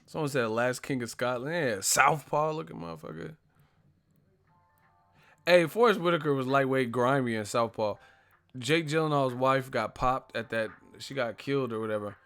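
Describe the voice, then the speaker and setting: Animated, laughing man on a live chat. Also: medium pitch, normal speed, gravelly, faint music behind. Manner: animated storytelling, laughs often, acts out movie lines; profane, slangy. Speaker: host of a live boxing stream. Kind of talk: casual live-stream chat.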